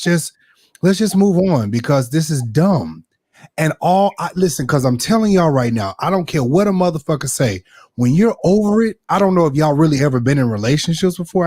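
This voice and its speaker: A man's voice: fairly high pitch, fairly quick, no echo, studio quality. A man telling a story candidly and profanely, acting out the quoted back-and-forth. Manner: animated, profane, acts out quoted exchanges. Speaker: podcast guest. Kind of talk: candid storytelling in a casual talk show.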